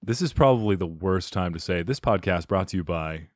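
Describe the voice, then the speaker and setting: A man's voice: deep voice, a little fast, no room sound, clean studio sound. A man hosting a podcast, chatting casually and playfully quizzing his guest, laughing often. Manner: animated, laughs often, playful quiz-giving. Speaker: podcast host. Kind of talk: casual interview chat.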